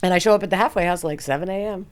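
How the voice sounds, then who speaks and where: A woman appearing as a podcast guest tells her story in casual conversation, her voice on the low side and racing along. She's animated and profane, laughs a lot, and acts out what other people said.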